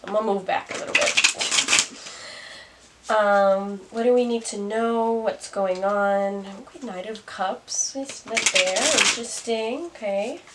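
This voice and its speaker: A woman's voice: medium pitch, steady tone, a little slow. A young woman doing a casual tarot reading to camera, musing aloud and laughing at herself. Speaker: tarot reader. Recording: distant mic, faint noise.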